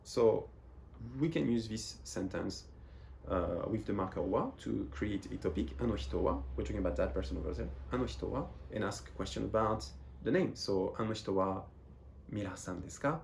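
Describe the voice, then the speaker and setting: A man from France with a fairly low voice teaching a beginner class. He explains patiently and circles back over his phrases as he works through each point. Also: a little fast, creaky, a little mellow, a little hiss or hum. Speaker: Japanese teacher. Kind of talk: explaining lesson.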